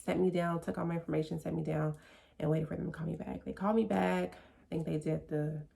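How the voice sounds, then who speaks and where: A woman's voice: low voice, fairly even intonation, fast talker, gravelly, warm tone. A woman vlogger telling a personal story in a casual, chatty way, full of "like" and "you know".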